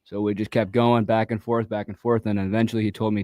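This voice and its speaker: A man's voice: lowish voice, level tone, fast, darkish tone, no room sound. A man who coaches youth baseball, telling a story in casual chat and acting out the quoted exchanges with animation. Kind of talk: casual storytelling on a talk show.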